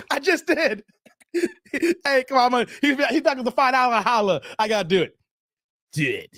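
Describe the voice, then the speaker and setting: A man in his thirties hosting a casual live stream, animated and laughing often, his voice a little strained from long streaming. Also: extremely high pitch, moderate pace, no room sound, clean studio sound. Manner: animated, laughs often, breaks into playful sung bits. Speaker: live stream commentary host. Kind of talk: casual live stream chat reading donations.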